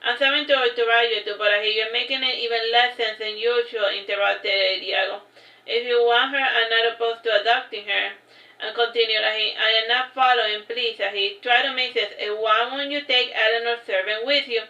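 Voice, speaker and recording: A woman with a bright, fairly high voice reads a novel aloud in a steady, even tone, stopping now and then for offhand remarks. The sound is roomy and a little dull, like lo-fi stream audio. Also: a little fast. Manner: reads straight on, adding casual asides. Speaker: narrator reading her own book. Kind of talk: livestream read-aloud of a novel.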